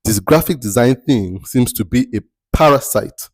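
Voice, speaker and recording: A man's voice: medium pitch, lively intonation, moderate pace, breathy edge, dry recording. A man giving a motivational talk as a mentor, emphatic and rhetorical, repeating his key phrases. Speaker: mentor giving life advice.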